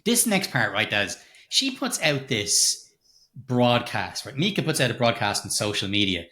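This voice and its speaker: A man's voice: medium pitch, moderate pace. A middle-aged man, co-hosting a podcast and retelling film scenes in casual, sweary chat. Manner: sweary, animated, retells scenes with quoted lines. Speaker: podcast co-host.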